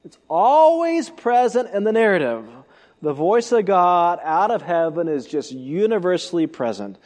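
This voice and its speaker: A man's voice: big pitch swings, unhurried, darkish tone. Emphatic male preacher in reverberant hall. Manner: emphatic, rhetorical questions, wide swings in pitch and volume. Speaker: pastor. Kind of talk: expository sermon.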